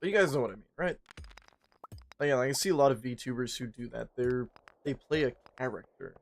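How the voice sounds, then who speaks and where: A man's voice: medium pitch, a little fast, gravelly. A man chatting casually on a livestream, swearing a lot and rambling in a joking way. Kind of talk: casual stream chat.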